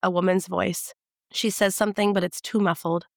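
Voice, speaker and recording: A woman giving a measured, intimate first-person audiobook narration. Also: on the low side, little pitch movement, vocal fry, no echo, studio quality.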